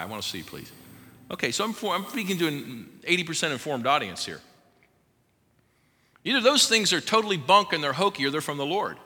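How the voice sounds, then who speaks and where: Man pastor mid-sermon, sharp and forceful tone, urgent repeated pleas, long reverb from a church hall. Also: on the high side. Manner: impassioned, pleading preaching with urgent repetitions. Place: church service before a congregation.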